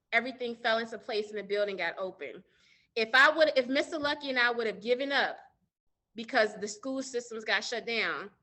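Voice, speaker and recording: Sharp-toned and on the high side, this woman's voice belongs to a middle-aged business owner being interviewed. She earnestly recounts her story, addressing listeners directly as y'all.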